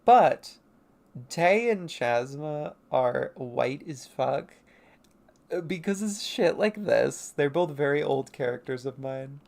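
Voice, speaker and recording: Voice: medium pitch, expressive, slow, creaky, darkish tone. A young adult artist livestreaming, casually narrating and ribbing their own childhood comic, now and then acting out character lines. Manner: rambling, self-mocking, briefly acting out character lines.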